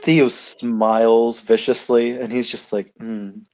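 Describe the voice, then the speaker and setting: A man narrates his character in a tabletop role-play game. He speaks slowly and hesitantly, with many fillers. He sits a little away from the mic. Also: mid-range voice, a little mellow, low-quality recording. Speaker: player.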